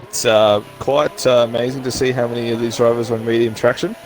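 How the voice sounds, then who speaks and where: A man calling a sim race with plenty of playful banter. His pitch leaps up high whenever he gets excited, then settles back into easy chat. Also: a little fast. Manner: excitable, jokey banter with sudden high yelps. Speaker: co-commentator. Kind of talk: sim racing commentary.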